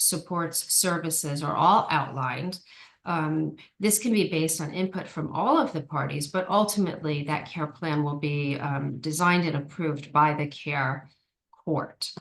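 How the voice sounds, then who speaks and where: A woman giving an online training presentation, explaining steps carefully with frequent ums and small restarts. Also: fairly low pitch. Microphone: video call.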